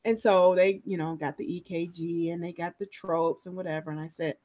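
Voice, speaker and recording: A woman's voice: fairly low pitch, steady tone, a little fast, hardly any pauses, mellow. A woman nurse specialist speaks as a podcast guest in an easy conversational tone. She tells stories from her work with energy, acting out the people in them. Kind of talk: conversational storytelling in a podcast interview.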